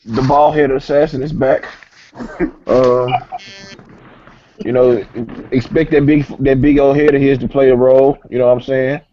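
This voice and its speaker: A man's voice: mid-range voice, level tone, normal speed, pauses often, mellow. A man giving casual boxing picks on a call, slangy and often asking if he's understood. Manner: slangy, keeps asking "you know what I'm saying". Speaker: co-host analyst. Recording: lo-fi online call with faint hiss.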